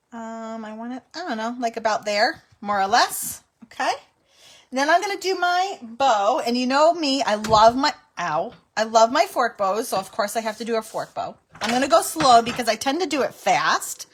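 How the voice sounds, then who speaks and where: A woman's voice: fairly high pitch, fairly bright tone, a little hiss or hum. Chatty, giggly woman hosting a craft stream. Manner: chatty, giggly, breaks into helpless laughter. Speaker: card-making livestream host. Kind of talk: live crafting tutorial, chatting with viewers.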